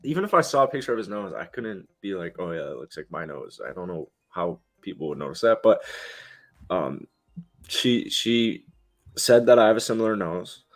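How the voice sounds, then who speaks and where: A young man co-hosting a casual sports chat, rambling with goofy, deadpan jokes. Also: lowish voice, normal speed. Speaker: co-host.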